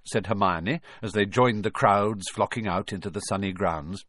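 A man narrating a storybook in an expressive, lively reading. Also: fairly low pitch, normal speed, no room sound. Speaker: audiobook narrator.

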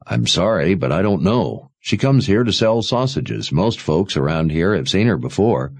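A man's voice: low-pitched, expressive, normal speed, slightly rough, no echo, full character voice. A man voicing a friendly, concerned young wine seller who talks easily. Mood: kindly.

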